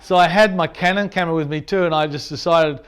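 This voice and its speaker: A photographer telling an animated anecdote, acting out the sounds and his own reactions as he goes. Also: fairly high pitch, fast, clean tone. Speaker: landscape photographer. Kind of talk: storytelling anecdote.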